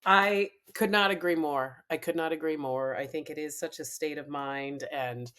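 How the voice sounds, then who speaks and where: Low-voiced woman podcast host. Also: moderate pace, smooth. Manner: warm and affirming, agrees often. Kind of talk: casual interview.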